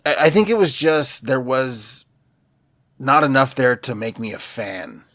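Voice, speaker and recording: A man's voice: medium pitch, expressive, unhurried, a bit bright, dry recording, clean studio sound. A man with an ordinary mid-range voice, co-hosting a podcast. He talks in an easygoing, rambling way, with lots of small fillers between his thoughts. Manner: laid-back, leans on fillers like "you know" and "like". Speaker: podcast co-host. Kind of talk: casual chat.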